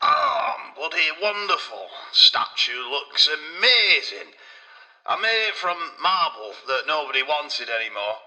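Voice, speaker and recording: A man's voice: a little high, sing-song, unhurried, bright, forceful tone, heavily acted, low-quality recording. A man voicing a crude, boastful Renaissance sculptor in a comedy podcast sketch.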